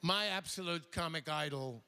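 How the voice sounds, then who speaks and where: An older man doing stand-up comedy, chatty and digressive, slipping quickly into impressions. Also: fairly high pitch, creaky, pushed and bright, slight background noise.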